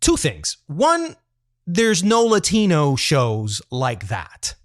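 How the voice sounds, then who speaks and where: Blunt, animated male podcast host. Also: on the high side, slow pace, no room sound, studio quality. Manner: blunt, swears freely, animated. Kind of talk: casual opinionated chat.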